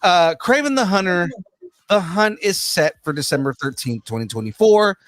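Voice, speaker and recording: A man's voice: high-pitched, lively intonation, moderate pace, a bit bright, dry recording. A man co-hosting a casual pop culture podcast, ranting and laughing in the middle of his sentences. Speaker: podcast co-host.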